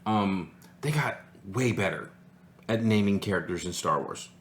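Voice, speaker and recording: A man's voice: on the low side, animated, measured pace, reverberant. A man co-hosting a casual chat show, joking and acting out quotes in silly voices. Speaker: podcast co-host.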